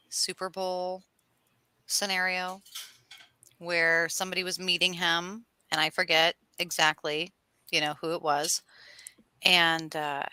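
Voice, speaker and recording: A woman co-hosting a casual chat show, telling stories in a lively, animated way. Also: lowish voice, no echo, low-quality recording. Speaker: co-host.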